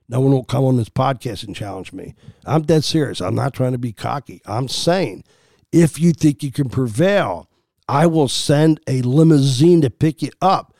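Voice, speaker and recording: A man's voice: on the high side, gravelly, mellow, dry recording, clean studio sound. A man hosting a sports podcast, arguing his opinions in a heated, emphatic way.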